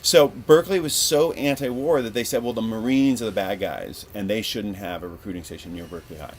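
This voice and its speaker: A man from Northern California hosting a podcast, rambling through a casual, profane story in an animated way. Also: on the low side, fairly quick, slight background noise. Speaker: podcast host.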